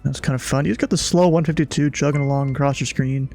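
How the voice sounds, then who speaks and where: A man's voice: mid-range voice, steady tone, moderate pace, creaky, mellow, faint music behind. A young American man from Kentucky who streams, chatting casually and laughing a lot, and slipping into clipped radio calls as a flight controller. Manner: laughs often, casual slang. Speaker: streamer playing air traffic controller.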